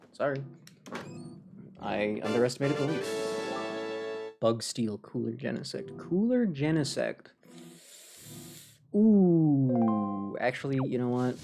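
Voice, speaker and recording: Excitable gravelly male streamer over game music. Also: medium pitch, takes it slowly, long pauses. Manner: excitable, mock-outraged, rambling to chat. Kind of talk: live gameplay commentary.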